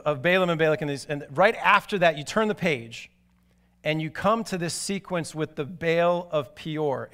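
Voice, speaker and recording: A man preaching a sermon, telling stories animatedly and moving from excited to hushed and grave. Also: on the high side. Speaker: pastor.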